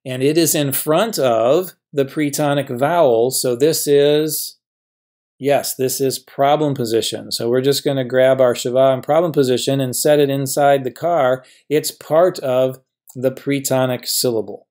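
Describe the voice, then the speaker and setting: A little slow and even in pitch, the male professor guides listeners through a grammar lesson. He goes patiently from one example to the next, asking questions and responding to them on his own.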